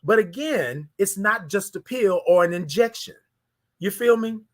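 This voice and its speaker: A man with a notably high voice hosts a morning live stream. He talks with heartfelt, preacher-like emotion, often asking "right?" as he reads comments from viewers. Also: lively intonation, a little slow. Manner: emotional, preacher-like cadence with many "right?" asides. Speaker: host of a morning live show.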